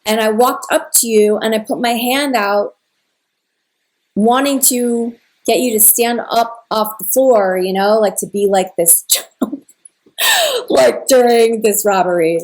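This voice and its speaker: A woman's voice: a little high, lively intonation, slow pace. A young woman telling a personal story in a casual, rambling way, full of "like" and emotional retellings of a conversation. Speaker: spiritual content creator.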